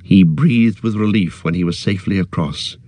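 A man reading a fantasy novel aloud in a steady, unhurried storytelling manner. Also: sits low, dry recording. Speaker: audiobook narrator. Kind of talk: scripted narration.

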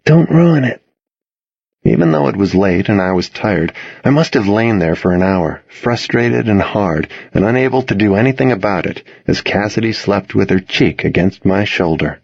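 A man narrating a first-person audiobook with intimate, expressive storytelling. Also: on the low side, moderate pace, vocal fry, few pauses, slightly rough, no room sound, highs cut off.

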